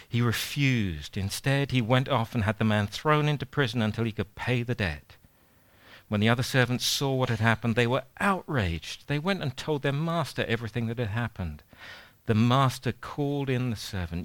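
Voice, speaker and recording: A man preaching a sermon in a conversational way, retelling a parable with animated asides. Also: medium pitch, moderate pace, dry recording.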